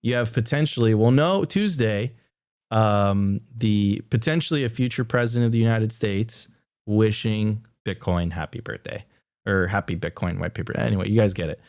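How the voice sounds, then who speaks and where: A man co-hosting a casual live crypto show, talking in a halting way with many fillers. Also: fairly low pitch, a little mellow, no echo, studio quality. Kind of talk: casual livestream chat.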